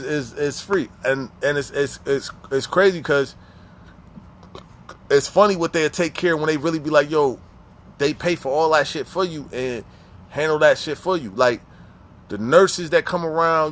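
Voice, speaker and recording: A man casually telling prison stories in heavy profane slang, animated, with frequent restarts and repeats. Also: a little high, normal speed. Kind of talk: casual storytelling.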